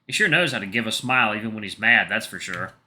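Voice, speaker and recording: A man's voice: lowish voice, lively intonation, fast talker, sharp tone. A man reading a visual novel aloud, narrating its story in the first person. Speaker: gaming channel narrator.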